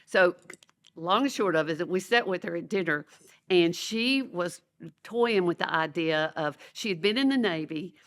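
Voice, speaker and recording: A woman's voice: lowish voice, expressive, normal speed. A woman educator, telling stories animatedly in a podcast interview and acting out the voices of the people she quotes. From Louisiana, USA. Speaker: educator and author, guest. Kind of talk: conversational storytelling.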